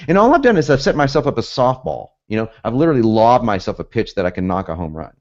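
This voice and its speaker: Animated chatty man, lo-fi audio. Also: medium pitch, fast. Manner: animated, chatty, laughs often, acts out quoted lines. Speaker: copywriting teacher. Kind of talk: casual instructional talk. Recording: dull lo-fi audio.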